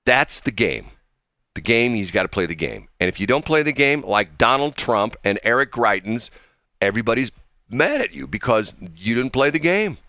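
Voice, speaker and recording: A man co-hosting a morning radio show, chatting casually and rambling through animated stories. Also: medium pitch, moderate pace, no echo, clean studio sound. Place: radio studio.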